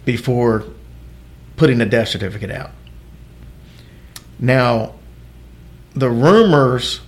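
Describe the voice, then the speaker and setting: A man co-hosting a casual talk show, telling odd celebrity stories in a rambling, joking way with many restarts. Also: mid-range voice. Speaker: podcast co-host.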